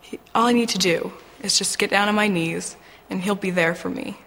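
Gravelly-voiced woman sharing an emotional testimony. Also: mid-range voice, a bit bright, big-room sound. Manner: earnest, emotional, halting with fillers. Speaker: testimony speaker. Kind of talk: personal faith testimony.

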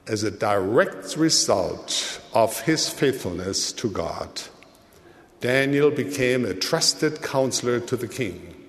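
A man giving a sermon in a measured, deliberate way, with his voice rising and falling for emphasis. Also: medium pitch. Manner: slow, measured delivery with dramatic rises and drops. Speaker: church leader. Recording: long hall reverb.

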